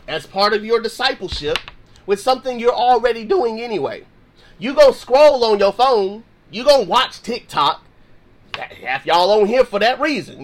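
A man hosting a Christian podcast gives casual Bible teaching in a slangy, conversational style and acts out sample prayers. His voice is high-pitched and fairly bright.

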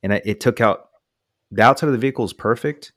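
A man's voice: medium pitch, fast talker, dry recording, studio quality. A man from the United States casually telling a long personal story, acting out quotes from the people involved. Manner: animated anecdote with voiced quotes.

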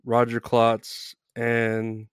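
A man's voice: medium pitch, completely flat delivery, drawn-out words, clear, resonant tone, dry recording, studio quality. A man as a podcast guest, talking casually in a laid-back, rambling way and laughing often.

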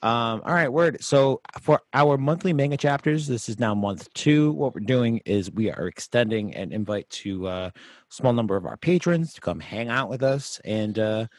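A relaxed man chats loosely as a podcast host, wandering through his points with plenty of ums. His voice is a little husky and sits at an everyday pitch. The sound is dry and close, with no room around it. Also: normal speed, dry recording. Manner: relaxed, rambling, with many fillers. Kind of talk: casual podcast chat. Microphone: video call microphone.

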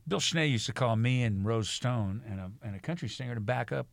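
A man's voice: mid-range voice, lively intonation, brisk, creaky, no echo. A man telling stories about his music career in a casual chat, often mimicking the people he quotes. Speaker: guest musician.

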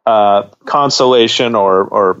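A man's voice: fairly low pitch, slow pace, fairly bright tone, clear, resonant tone. A man co-hosting a podcast in casual chat, blunt and swearing, often repeating words as he thinks. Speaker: podcast co-host. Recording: dull lo-fi audio.

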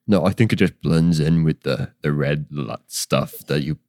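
A man's voice: very deep voice, moderate pace, a little mellow, dry recording, clean studio sound, pitched below the performer's own voice. A man doing an unbothered clumsy monster. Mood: calm.

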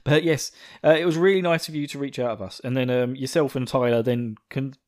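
A man's voice: mid-range voice, steady tone, brisk, a little mellow. A young man from England with an Essex accent, hosting a podcast in casual, self-mocking chat and laughing often. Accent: Essex English. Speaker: podcast host.

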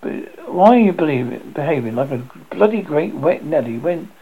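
A man voicing a sharp-tongued, sarcastic older mother who scolds her grown son, in a storybook reading. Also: on the high side, animated, moderate pace, breathy edge, narrow, tinny audio. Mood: mocking.

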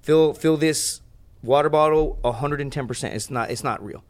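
A young man telling a story as a podcast guest, in rambling, profane casual chat with lots of animated asides. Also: a little high, moderate pace.

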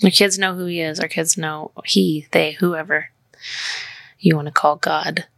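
Gravelly bright-voiced woman podcaster. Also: low-pitched, fairly even intonation, a little slow, no room sound. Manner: earnest, rambling, tells stories. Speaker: podcast host. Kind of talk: casual heartfelt podcast chat.

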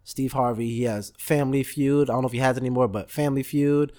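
A man, hosting a casual motivational podcast and telling stories with lively, acted-out voices. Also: mid-range voice, fast talker. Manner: animated storytelling, acts out voices in quotes, laughs often. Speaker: podcast host.

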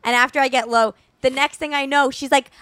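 A woman's voice: high-pitched, fairly even intonation, fairly quick, a bit bright, dry recording. A woman co-hosting a podcast, sharing stories in an earnest, confiding way. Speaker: podcast co-host. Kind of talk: casual podcast chat.

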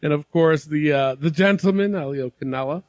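Loud, excitable male podcast host. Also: fairly high pitch, normal speed, no echo. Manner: loud, excitable, swears freely. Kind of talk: casual podcast chat.

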